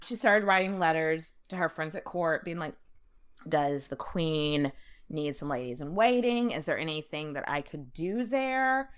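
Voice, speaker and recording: A woman's voice: deep voice, expressive, a little slow, clear, resonant tone. A young adult woman co-hosting a podcast in casual chat, telling a story with a lot of profanity and acted-out quotes. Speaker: podcast co-host.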